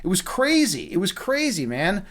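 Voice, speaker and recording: A man hosting a livestream in casual chat, excitable and swearing often, repeating his phrases as he talks. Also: sits high, moderate pace. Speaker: livestream host.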